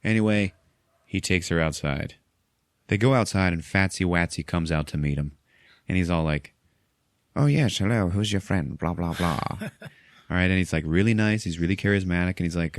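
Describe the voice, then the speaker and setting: A man's voice: sits low, expressive, a little fast, dry recording, studio quality. A man hosting a podcast, recapping a film in a chatty, laughing way and acting out the lines. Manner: chatty, laughs often, swears casually, acts out quotes. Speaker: podcast host. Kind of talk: casual movie recap.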